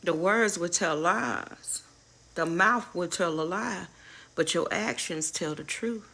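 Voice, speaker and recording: A middle-aged spiritual advisor and channel host speaks slowly in a lowish, sharp voice with vocal fry. Giving a casual inspirational talk, she candidly preaches life lessons, swears freely, and calls her viewers y'all.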